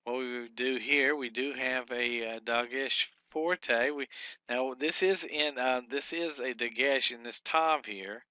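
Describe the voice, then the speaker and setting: A man teaching a recorded workbook lesson, methodically thinking aloud and sounding out syllables slowly. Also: mid-range voice, sharp tone, no room sound, dull audio. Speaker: Hebrew teacher.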